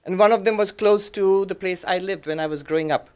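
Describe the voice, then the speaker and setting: A middle-aged man, a monk, giving a talk that mixes teaching with personal stories, in short phrases with frequent pauses and soft chuckles. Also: sits high, smooth. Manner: gentle, reflective, chuckles softly at his own anecdotes. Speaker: monk and guest speaker. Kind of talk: lecture with personal storytelling.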